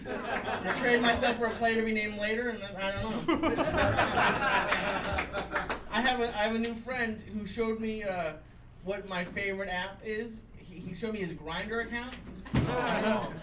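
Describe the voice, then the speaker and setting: A man's voice: high-pitched, a little slow, pauses often. Rambling young man doing stand-up in an echoey room. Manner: self-deprecating, rambling with many fillers. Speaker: stand-up comedian. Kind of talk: live stand-up set. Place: comedy venue with live audience. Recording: roomy live room, far from the mic, noisy. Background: audience laughter.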